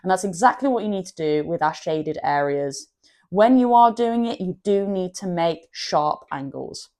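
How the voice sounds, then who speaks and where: Woman, art-channel host, chatty and self-deprecating tutorial voice, sits a little low. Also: expressive, moderate pace, darkish tone.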